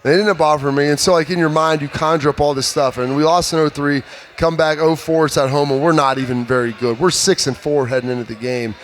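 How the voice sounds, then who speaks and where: A man in his thirties, a former player, telling animated stories in a casual sports talk panel. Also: fairly high pitch, fairly quick, a little hiss or hum. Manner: animated storyteller, acts out trash talk.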